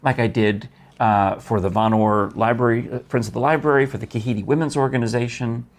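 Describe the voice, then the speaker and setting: A man's voice: medium pitch, fairly even intonation, brisk. A man hosting a casual talk show, telling stories in a chatty, enthusiastic way with many restarts. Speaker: host. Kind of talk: casual chat.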